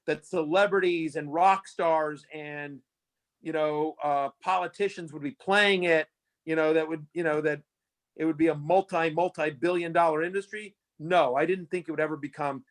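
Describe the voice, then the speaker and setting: A man guest in a casual interview, telling stories with many fillers and restarts. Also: on the high side. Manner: rambling, lots of fillers and restarts, animated retelling. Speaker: fantasy sports analyst guest.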